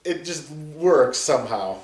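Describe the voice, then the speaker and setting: A man guesting on a casual film commentary, laid-back and quick to laugh. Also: on the high side, lively intonation. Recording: roomy echo, distant mic.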